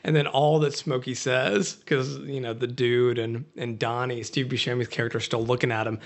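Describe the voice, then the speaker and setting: A man's voice: mid-range voice, little pitch movement, moderate pace. A man talking casually as a podcast guest, rambling through movie scenes with lots of fillers and restarts. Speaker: guest film buff.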